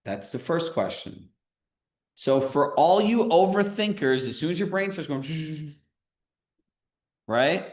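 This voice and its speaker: A man coaching a group live on a video call, talking in a casual, energetic way and often checking in with "right?". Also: on the high side, takes it slowly, long pauses, reverberant. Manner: energetic, conversational, filler-heavy with frequent "right?". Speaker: real estate business coach.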